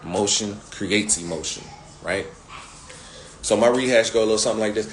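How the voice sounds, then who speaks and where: A man with a fairly low voice coaches listeners on selling, animated and full of slang. He keeps repeating his key phrases. A faint hiss sits behind him. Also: normal speed. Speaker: sales coach.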